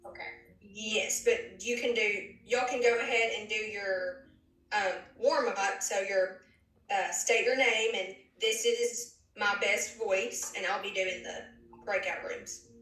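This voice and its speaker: A woman's voice: mid-range voice, steady tone, takes it slowly, fairly bright tone. A woman, a therapist leading an online group session in an encouraging, coaxing way. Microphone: video call. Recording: roomy, distant, faint hiss.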